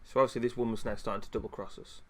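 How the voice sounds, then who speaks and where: A man with a fairly low voice chatting casually on a stream. He rants in frustration, stumbling over fillers and restarting sentences. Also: fairly even intonation, rapid-fire, fairly bright tone. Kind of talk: casual chat.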